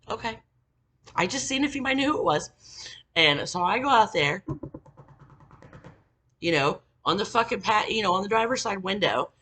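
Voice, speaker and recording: A woman vlogger telling a rambling, profanity-laced story in casual talk, getting animated when worked up. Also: medium pitch, normal speed, long pauses, husky.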